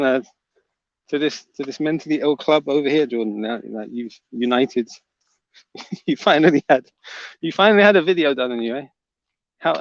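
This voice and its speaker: Here a fairly high-pitched man hosts a casual stream, reading comments from chat and teasing the commenters. There's no echo, but the audio sounds dull.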